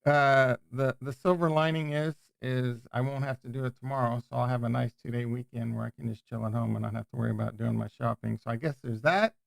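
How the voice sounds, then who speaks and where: A man's voice: medium pitch, fairly even intonation, fairly quick, creaky, few pauses, no room sound. A man hosting a casual livestream, chatting in a rambling way and often breaking off and restarting his sentences. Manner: rambling, self-interrupting, chatty. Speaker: crypto livestream host.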